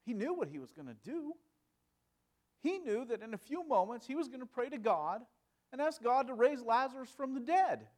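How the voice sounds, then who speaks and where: Man preaching, from loud to hushed. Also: very high voice, very animated, normal speed. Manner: swings from loud emphasis to hushed, quiet delivery; asks rhetorical questions. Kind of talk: sermon.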